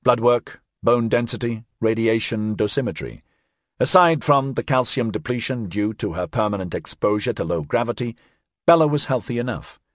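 A man narrates an audiobook in an expressive storytelling style, with a medium pitch and moderate pace. The sound is clean studio audio with no room sound.

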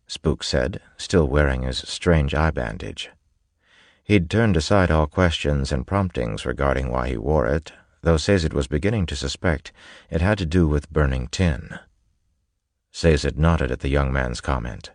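Deep-voiced man narrating an audiobook. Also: lively intonation, unhurried, vocal fry, dry recording, studio quality.

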